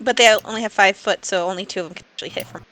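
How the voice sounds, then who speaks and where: A woman playing in a casual tabletop game, lively and quick to correct. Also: medium pitch. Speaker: player.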